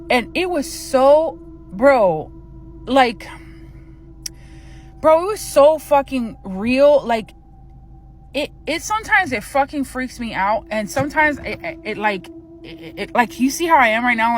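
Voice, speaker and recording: A young woman tells a creepy story of her own in a casual, excitable way, swearing freely as she goes. Her pitch swings widely and sits a little high. Steady vehicle noise runs clearly behind her. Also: rough recording. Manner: animated, profane, excitable.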